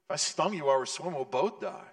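A man's voice: on the high side, expressive, fast talker. A male preacher voicing a sly, matter-of-fact male scorpion in a fable, talking offhand. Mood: persuasive.

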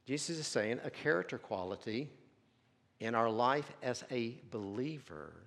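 Guy preaching in a big echoey church, goes quiet then loud, repeats words a lot. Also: mid-range voice, animated, a little slow. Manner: swings between soft hushed lines and loud emphatic stresses, stammering repeats. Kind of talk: sermon. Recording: long hall reverb.

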